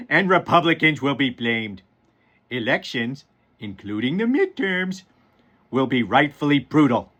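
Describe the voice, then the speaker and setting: A bumbling cartoon dad bellowing an all-caps rant, his voice pushed up high and bouncing all over the place. A man is putting this voice on while reading. It stays loud and shouty throughout. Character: Homer Simpson impression reading an angry rant.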